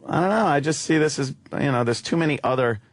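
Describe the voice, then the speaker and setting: A man co-hosting a radio talk show, tossing in quick wisecracks and banter from a studio mic. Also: fairly high pitch, animated, no echo.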